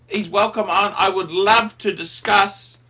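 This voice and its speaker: High, bright-voiced man hosting a livestream. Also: fairly even intonation, takes it slowly, dull audio. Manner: rambling, effusive, swears often. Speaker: livestream host. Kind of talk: casual livestream chat reading donations.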